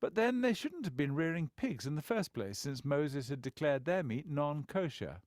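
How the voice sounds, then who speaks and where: A man narrating a book as an expressive storyteller with wry asides, close to the mic. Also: on the high side, moderate pace, no room sound. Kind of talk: scripted narration.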